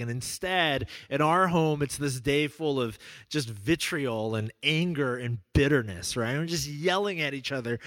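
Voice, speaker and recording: A middle-aged man preaching a sermon, telling a personal story in a relaxed, conversational way and dropping softly on key words. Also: medium pitch, no room sound. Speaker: pastor.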